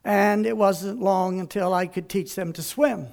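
Man preaching, pretty high voice, gets loud and fired up then slows way down. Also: vocal fry. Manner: animated, swings from slow deliberate to loud exhortation. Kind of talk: sermon.

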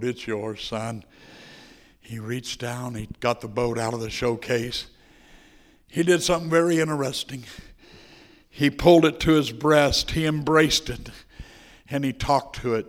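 Impassioned male preacher telling a story. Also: medium pitch. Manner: impassioned, swings between hushed and loud. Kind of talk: sermon with storytelling.

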